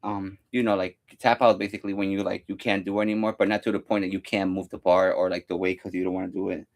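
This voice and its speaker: A man's voice: low voice, level tone, quick pace. A young man casually talking through a home workout, rambling with lots of fillers and counting his reps aloud. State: out of breath at times. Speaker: fitness vlogger.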